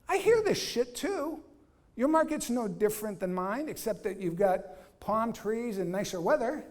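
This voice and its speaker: Energetic man training real estate agents. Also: high-pitched, a little slow. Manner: energetic, acts out dialogues, asks audience questions. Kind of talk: live training talk to agents.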